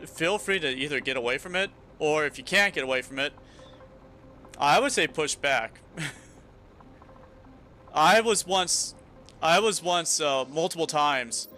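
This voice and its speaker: Bright-voiced young man rambling on stream. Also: a little high, animated, unhurried, long pauses, a little hiss or hum. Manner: rambling, restarting storyteller. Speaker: game streamer. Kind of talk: casual chat while gaming.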